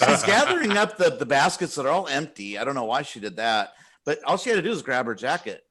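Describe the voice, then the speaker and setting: A man co-hosting a casual podcast, retelling a story in a rambling, animated way with many restarts. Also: medium pitch, quick pace, husky. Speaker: podcast co-host.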